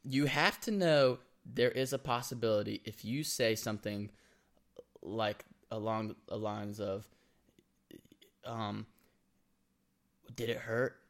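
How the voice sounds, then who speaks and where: A man's voice: fairly low pitch, fairly even intonation, slow, vocal fry. A young man co-hosting a casual comedic chat, joking and acting out text messages in quoted voices. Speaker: co-host. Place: indoor room with laptop.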